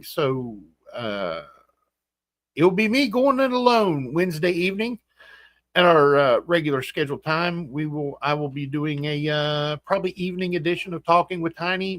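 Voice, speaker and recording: Host, man, West Virginian accent, folksy chat greeter, groggy morning voice, higher pitch, dry close sound. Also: a bit bright, no room sound. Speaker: livestream host. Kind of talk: casual livestream chat, greeting viewers. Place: home room.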